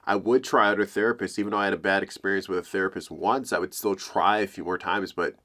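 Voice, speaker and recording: Halting, emotional young man, bright tone. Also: low-pitched, steady tone. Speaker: vlogger. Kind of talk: confessional talk to camera.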